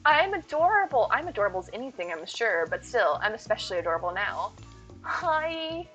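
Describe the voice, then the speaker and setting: A woman's voice: on the low side, fast talker, fairly bright tone, muffled recording, faint music behind. A woman streaming live and chatting with viewers, playful and silly, full of jokes and puns.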